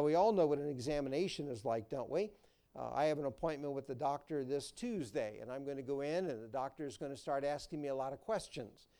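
A man's voice: fairly high pitch, dark tone. A man preaching a sermon as pastor, folksy and storytelling. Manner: folksy, storytelling, repeats words.

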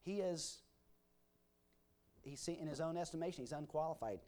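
A man's voice: fairly high pitch, moderate pace, mellow. A man preaching a sermon, reading scripture aloud and explaining it with folksy everyday examples. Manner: reads scripture aloud in King James wording. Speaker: pastor. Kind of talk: expository sermon.

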